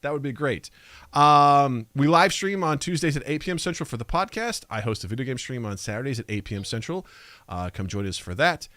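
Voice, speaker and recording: A man's voice: mid-range voice, expressive, brisk, pushed and bright, dry recording. A man hosting a casual podcast, goofy and self-mocking as he talks with guests. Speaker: podcast host.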